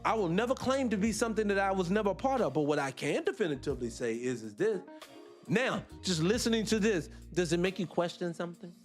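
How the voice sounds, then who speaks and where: A man's voice: high voice, expressive, fast, faint music behind. A man hosting a live show, talking in a rambling, blunt and profane casual monologue. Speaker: host.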